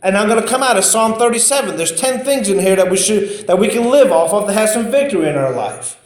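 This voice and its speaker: A man's voice: high-pitched, expressive, fast talker. A man preaching an informal sermon, conversational and storytelling, often repeating himself. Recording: very echoey room.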